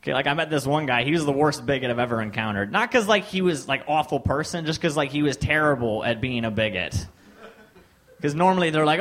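A man's voice: on the high side, expressive, fast, a bit bright. A young man performing a stand-up set on a comedy club stage, telling stories and quoting people in raised voices. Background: audience laughter.

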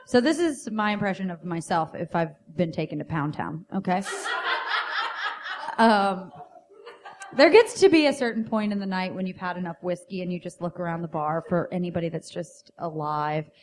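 A woman's voice: on the low side, lively intonation, normal speed. A woman in her thirties doing stand-up comedy, brash and playful, acting out bits. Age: 30s. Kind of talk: stand-up comedy on a podcast stage.

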